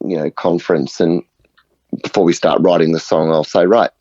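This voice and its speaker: A man's voice: deep voice, little pitch movement, moderate pace, dark tone, dry recording. An earnest man, talking as a guest on a podcast and telling stories, often checking in with "right?". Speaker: guest, music facilitator. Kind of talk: conversational podcast interview. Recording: muffled, dull audio.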